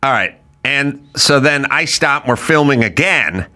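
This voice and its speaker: A man's voice: mid-range voice, expressive, measured pace, pushed and bright. A middle-aged man hosting a podcast, telling a comic story in an incredulous rant, now and then mimicking the people in it. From Los Angeles. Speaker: podcast host.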